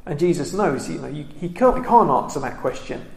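A man giving a reflective Bible study talk, pausing often with ums and restarting his sentences. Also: a little high, lively intonation, vocal fry, darkish tone, roomy sound, a little hiss or hum. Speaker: Bible teacher.

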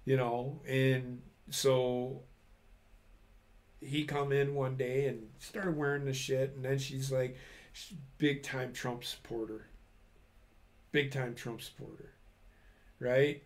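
A man's voice: medium pitch, level tone, takes it slowly, pauses often. A man, an army veteran, telling a long story in casual, profane chat, acting out other people's words. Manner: profane, rambling, acts out quoted people.

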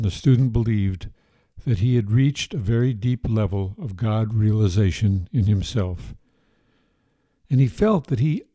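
A man narrates an old tale for his podcast in a calm, measured way. His voice sits low and is very dark and mellow, recorded dry and close with no room sound. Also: no room sound. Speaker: podcast host and storyteller. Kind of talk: scripted story narration.

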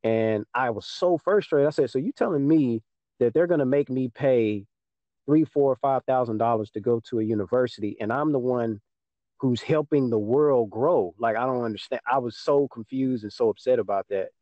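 A man's voice: mid-range voice, normal speed, dark tone, no echo, muffled recording. A young man from Texas in casual chat, telling a story and acting out what people said to him. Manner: storytelling, acts out dialogue with mom.

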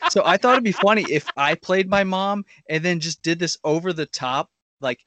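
A man's voice: high voice, moderate pace, a bit bright. A man co-hosting a podcast in casual chat, laid-back and chatty. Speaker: podcast co-host.

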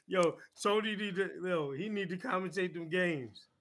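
A man's voice: high-pitched, slow, a bit bright. A man co-hosting a casual sports podcast, laughing and teasing his co-hosts. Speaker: podcast co-host.

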